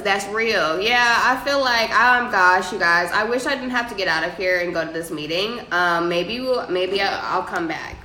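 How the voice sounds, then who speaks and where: In an echoey room with faint background noise, a young livestream host reads viewer comments and gives casual advice full of swearing. Her voice is medium in pitch with a sharp tone.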